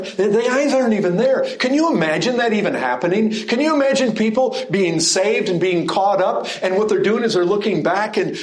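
A man's voice: sits high, sing-song, moderate pace, reverberant. A middle-aged man preaching a sermon in a conversational way, full of rhetorical questions.

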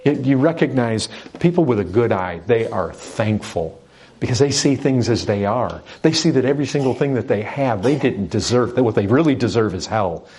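Husky middle-aged male pastor, emphatic sermon delivery, repeats for effect. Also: mid-range voice, animated, normal speed, darkish tone. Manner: emphatic, repetitive preaching with rhetorical questions.

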